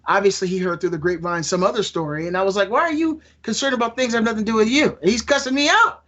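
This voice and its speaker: A man's voice: sits high, very fast, bright, forceful tone. A man telling a long work story in casual live-stream chat, rambling and often laughing through it, on a dull lo-fi mic.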